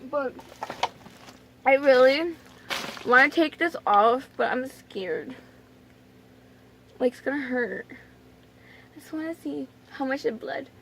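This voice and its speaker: A young woman with a high voice tells her story to the camera in a casual vlog. She talks in a chatty, dramatic way and piles up fillers and exclamations as she goes. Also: slow pace, creaky, pauses often, a little hiss or hum. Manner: chatty, dramatic, lots of "like" and "oh my God". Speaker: vlogger.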